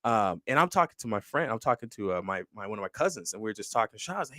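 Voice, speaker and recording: A man's voice: mid-range voice, animated, very fast, fairly bright tone, dry recording. A young man, a podcast guest, telling a long personal story in casual conversation, with many restarts.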